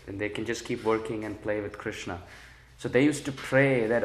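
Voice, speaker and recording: A man teaching a religious class, retelling sacred stories and explaining their meaning with lively quoted lines. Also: lowish voice, normal speed. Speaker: spiritual teacher. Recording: echoey room.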